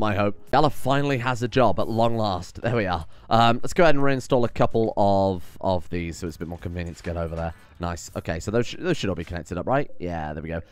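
A man giving casual let's-play commentary, often exasperated, swearing and swinging loud when things go wrong. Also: medium pitch, clear, resonant tone. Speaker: gaming commentator.

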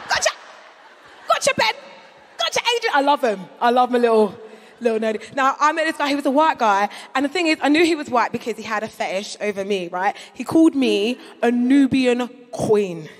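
A woman, performing a brash, bawdy stand-up set on a comedy stage. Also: high voice. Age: 30s. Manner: brash, bawdy, punchy delivery. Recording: live venue with long reverb.

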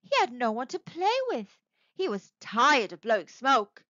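A woman narrating a children's story aloud in an expressive, sing-song way. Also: on the high side, unhurried, no room sound, muffled recording.

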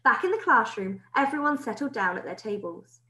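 Expressive woman reading a children's story. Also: fairly high pitch, brisk. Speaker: primary school teacher. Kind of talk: reading a children's book aloud. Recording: roomy echo.

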